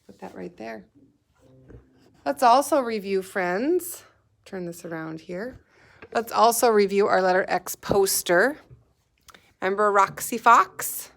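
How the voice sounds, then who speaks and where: A woman teaching a phonics lesson to young children, sounding out each letter slowly and clearly and encouraging them to join in. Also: medium pitch, a bit bright. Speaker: kindergarten teacher.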